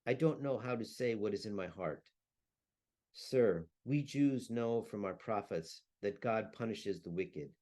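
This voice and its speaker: A man's voice: lowish voice, lively intonation, measured pace, mellow. A man reading the lines of an elderly grieving Jewish saddle maker who laments and curses bitterly. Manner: lamenting, rising to furious curses.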